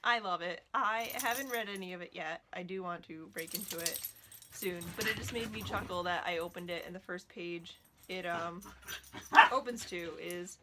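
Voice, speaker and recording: A woman's voice: fairly low pitch, moderate pace, heavy background noise. A woman chatting casually at home as a knitting vlogger, gushing about what she loves and breaking off to scold her dogs. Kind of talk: casual chat.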